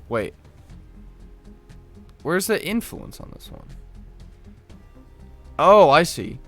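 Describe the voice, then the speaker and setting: A man's voice: medium pitch, fairly bright tone. A man live-streaming a card game, reading card text aloud and thinking through his moves, often stopping to correct himself. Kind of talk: live gameplay commentary.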